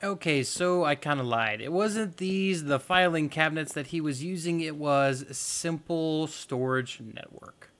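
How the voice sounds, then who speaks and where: A man's voice: a little high, unhurried, few pauses, fairly bright tone. A man hosting a gaming video, giving casual let's-play commentary and thinking aloud with playful, goofy exclamations.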